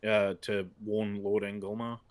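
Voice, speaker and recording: A man's voice: fairly low pitch, flat delivery, unhurried, clean tone, natural voice. A man playing an earnest, hesitant adventurer. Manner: hesitant, full of ums and uhs. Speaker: player. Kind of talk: in-character tabletop role-play.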